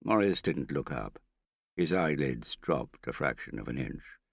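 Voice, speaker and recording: Man narrating an audiobook, very low voice, dry close sound. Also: lively intonation, measured pace, creaky, no echo.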